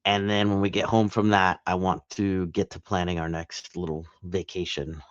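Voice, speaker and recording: A low-voiced man rambles through a casual home vlog, circling back on his own thoughts as he goes. The recording is dull and dry, with no room sound at all. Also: level tone, moderate pace, no room sound. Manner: chatty, rambling, self-interrupting. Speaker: reselling vlogger.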